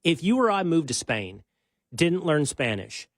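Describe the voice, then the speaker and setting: Male host, lively and emphatic, fairly high voice, dry studio sound. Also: normal speed, no room sound. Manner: conversational, emphatic, argues with rhetorical questions. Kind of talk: political talk show conversation.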